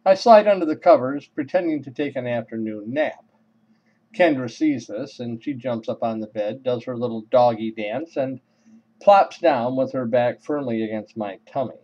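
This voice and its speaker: A man spinning a funny personal tale with dry, deadpan timing and well-placed pauses. His voice sits at an ordinary mid pitch. The recording sounds dull and lo-fi. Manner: wry, deadpan comic timing. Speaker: storyteller. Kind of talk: humorous personal storytelling.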